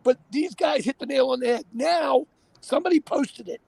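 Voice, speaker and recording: A man hosting a casual talk show, animated and emphatic, often repeating himself. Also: very high voice, normal speed, gravelly, no room sound. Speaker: show host.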